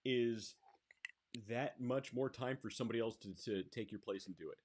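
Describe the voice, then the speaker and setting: A man's voice: mid-range voice, normal speed, darkish tone. A man co-hosting a podcast in casual chat, talking emphatically and motivationally and repeating short punchlines. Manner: emphatic, motivational, repeats "that's it" and "guess what". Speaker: podcast co-host.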